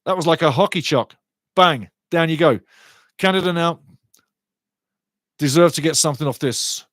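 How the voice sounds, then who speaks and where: Passionate male fan commentator, higher voice, dry close mic, gets heated fast. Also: a bit bright, no room sound. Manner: passionate, gets fired up over fouls; chats with viewers' comments. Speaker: watchalong commentator. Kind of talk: live fan match commentary.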